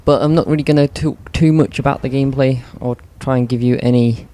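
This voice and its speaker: A man's voice: medium pitch, steady tone, brisk, warm tone. A man giving casual, rambling commentary over video game play, with lots of ums and self-corrections. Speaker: gaming commentator.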